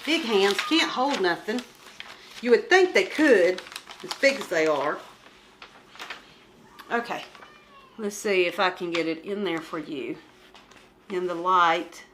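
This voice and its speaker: A woman's voice: mid-range voice, fairly bright tone, a little hiss or hum. A woman chatting casually as she shows her craft kit, rambling and joking about herself. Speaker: crafting vlogger. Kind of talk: casual show-and-tell chat.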